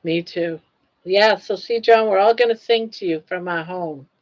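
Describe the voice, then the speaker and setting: An older woman hosting a casual live stream, chatty and teasing, laughing often. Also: moderate pace. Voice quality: froggy, low-pitched singing voice by her own account. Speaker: livestream host. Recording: dull lo-fi stream audio.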